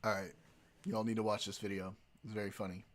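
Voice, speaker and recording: A man's voice: fairly low pitch, flat delivery, quick pace, slight background noise. A man streaming live, chatting casually with his viewers, joking, swearing and laughing often.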